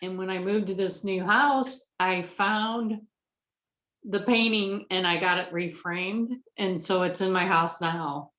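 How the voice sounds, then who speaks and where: A woman taking part in a workshop over a video call, speaking haltingly with many "um" pauses, emotional and close to tears. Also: mid-range voice, steady tone, fairly bright tone, roomy sound. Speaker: workshop participant.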